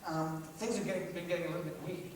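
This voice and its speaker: A man's voice: high-pitched, steady tone, fast talker, darkish tone. An Australian man doing a live stand-up routine, rambling, swearing and mocking himself. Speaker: stand-up comedian. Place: large theatre hall on stage. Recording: echoey hall recording from far off. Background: audience laughter.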